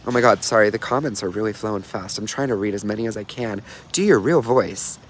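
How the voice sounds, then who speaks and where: A man's voice: fairly low pitch, fast, a little hiss or hum. A young man chatting casually on a livestream, bubbly and talkative, reading viewer comments and telling stories. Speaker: livestream host.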